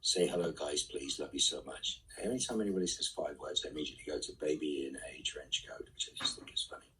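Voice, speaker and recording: A man reading fan questions aloud and answering them casually in a live online Q&A, often trailing off into soft asides. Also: rumbling low, quick pace, recorded from a distance, a little hiss or hum, rough recording.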